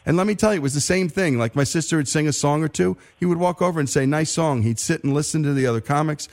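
A man's voice: on the high side, fast, a little mellow. A man hosting a radio interview, enthusiastic and stammering a little as he builds his questions. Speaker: radio show host.

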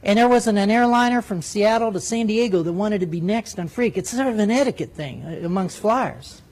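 A middle-aged man, a retired military pilot, telling a story with lively, acted-out radio voices. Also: high-pitched, brisk, low-quality recording. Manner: animated storyteller who acts out radio voices. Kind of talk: storytelling speech.

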